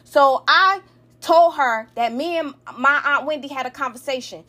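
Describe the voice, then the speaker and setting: A woman in her thirties with a high voice tells her side of a family fight, heated and cursing freely. She rambles and restarts her sentences as she talks things through. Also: moderate pace, pushed and bright. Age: 30s. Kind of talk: emotional storytime rant.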